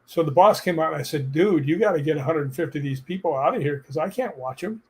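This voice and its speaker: Man telling lively personal stories. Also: a little high, fast talker. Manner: animated, laughs while telling stories. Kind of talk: casual storytelling chat.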